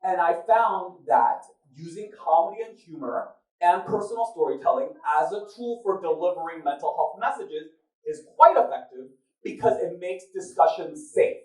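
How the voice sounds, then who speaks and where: A man's voice: high-pitched, expressive, normal speed. A man hosting a live event before an audience, telling his story with jokes and laughing at his own lines. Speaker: event moderator and host. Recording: echoey room recorded from a distance.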